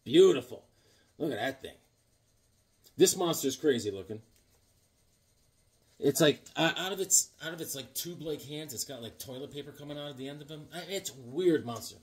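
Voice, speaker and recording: A talkative man chats casually and rambles, cracking jokes as he goes. His voice sits a touch high for a man and swings up and down a lot. There is a husky grain to it. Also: expressive, brisk, long pauses. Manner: chatty, jokey, rambling with fillers and put-on voices in anecdotes. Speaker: comic collector showing his haul. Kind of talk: casual chat.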